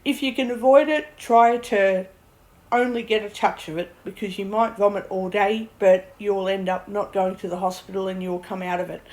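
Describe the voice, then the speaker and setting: A woman's voice: medium pitch, fairly even intonation, normal speed, darkish tone, rough recording. A woman venting to camera about a bad illness, blunt and swearing, laughing at her own ordeal as she rambles. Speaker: vlogger. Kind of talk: rambling personal vent.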